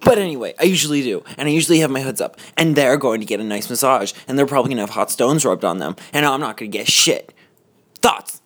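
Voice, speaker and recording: A man's voice: medium pitch, lively intonation, fast, a bit bright. A man hosting a casual podcast, talking in a mock-outraged, theatrical way and swearing often. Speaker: podcast host. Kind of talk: casual joking podcast banter. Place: cold house.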